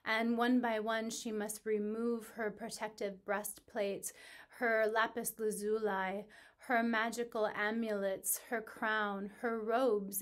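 A woman who works as a spiritual teacher recounts a myth in calm, measured storytelling. She slows and softens on solemn phrases. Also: medium pitch.

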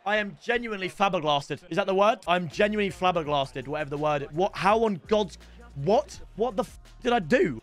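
A young man giving excitable live commentary on a football video game, chatting with his viewers and bursting into shouts. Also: high-pitched, a little fast, soft background music. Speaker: streamer.

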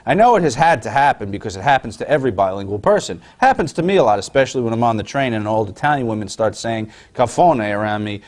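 A man's voice: medium pitch, lively intonation, fast talker, hardly any pauses. A man hosting an interview and reading out fan questions in a wry, teasing way. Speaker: interviewer host.

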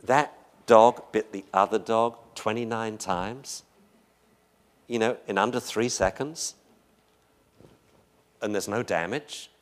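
A man's voice: on the low side, slow pace, long pauses. Joking man giving a lecture. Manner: chatty, joking, anecdotal. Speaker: dog behavior lecturer. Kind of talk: live lecture to an audience.

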